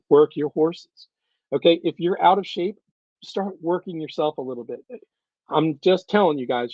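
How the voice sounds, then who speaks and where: A fairly high-voiced man talks straight to his audience in an earnest, coaching way, circling back to the same advice and punctuating it with "okay?" and "all right, guys." The sound is close and dry, a little dull and lo-fi like a home livestream. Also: no echo. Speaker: event organizer addressing reenactors. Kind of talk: casual livestream briefing.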